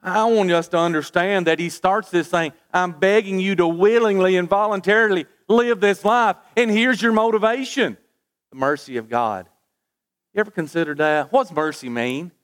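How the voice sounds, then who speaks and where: A man's voice: high voice, moderate pace, a bit bright. A man preaching a sermon, asking rhetorical questions with folksy asides and stammered restarts.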